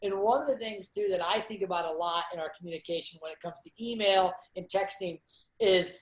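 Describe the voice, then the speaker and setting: A man's voice: sits high, a little fast, echoey room. A man hosting a sales training session, talking in a chatty, upbeat, rambling way with lots of fillers. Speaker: sales manager and training host. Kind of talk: casual motivational talk on a video call.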